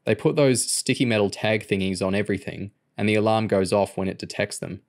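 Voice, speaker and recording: A man's voice: fairly low pitch, brisk, close to an everyday voice. A man voicing a confident teenage boy who explains his plan in a self-assured way. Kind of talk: audiobook reading.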